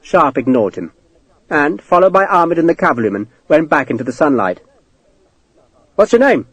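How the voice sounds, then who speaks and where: A man reading a novel aloud as narrator, with an expressive delivery. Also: fairly high pitch, a little fast, husky, no echo. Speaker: audiobook narrator. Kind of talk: scripted narration.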